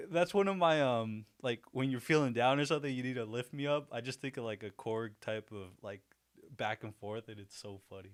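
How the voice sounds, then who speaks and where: A man's voice: medium pitch, normal speed. Chatty man hosting a livestream. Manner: chatty, laughs often, self-deprecating. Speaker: livestream host. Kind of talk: casual livestream chat.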